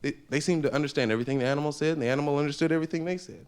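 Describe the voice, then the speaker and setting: A man's voice: fairly high pitch, rapid-fire, a little mellow, smooth. A man doing a stand-up comedy routine on a live stage, slipping into funny voices for the people in his jokes, from an old 1970s tape. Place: stage with a laughing audience.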